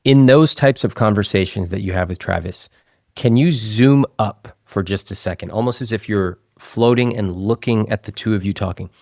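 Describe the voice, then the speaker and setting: Man, low voice, calm probing interviewer, dry close mic. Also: normal speed, no echo. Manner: calm, probing questions, quotes others' words back. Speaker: host, financial advisor.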